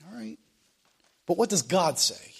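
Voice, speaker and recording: A man's voice: high-pitched, big pitch swings, measured pace, creaky, breathy edge. A man preaching a sermon as pastor of a church, in plain country speech, asking the room question after question.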